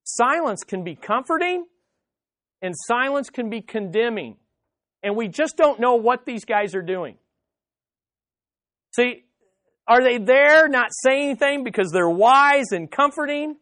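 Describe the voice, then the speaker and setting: A man preaching a sermon as pastor, speaking directly to the listeners and emphatically repeating his key phrases, swinging between loud and hushed. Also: very high voice, lively intonation, measured pace, pauses often, dry recording, studio quality.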